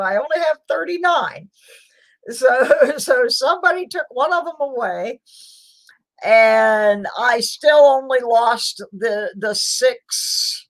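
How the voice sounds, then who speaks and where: A woman's voice: a little high, poor audio. A woman hosting her own live stream, chatting casually with viewers and laughing often. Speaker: channel host.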